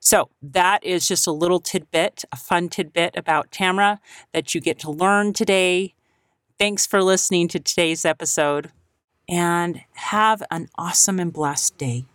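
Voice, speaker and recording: A woman's voice: lowish voice, measured pace, a bit bright, dry recording, studio quality. A woman hosting her own podcast, talking earnestly and upbeat to her listeners and closing with blessings. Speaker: podcast host. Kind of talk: solo podcast talk.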